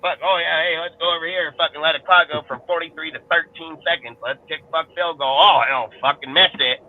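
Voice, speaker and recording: A man's voice: on the high side, fairly even intonation, fairly quick, narrow, tinny audio. A man with a Californian accent ranting angrily about football on a fan panel show, swearing constantly and restarting his sentences. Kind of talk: heated profane sports rant.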